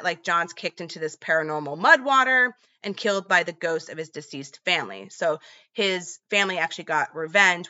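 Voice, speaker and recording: A woman's voice: fairly low pitch, pushed and bright, highs cut off. A woman casually retelling a movie's plot in a chatty vlog, with lots of fillers. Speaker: movie recap vlogger.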